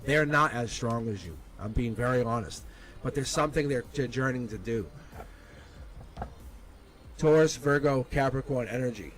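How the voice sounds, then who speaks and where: A man giving a live tarot reading, blunt and animated, laughing often and acting out what people say. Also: medium pitch, moderate pace, long pauses, faint music behind, poor audio. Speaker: tarot reader.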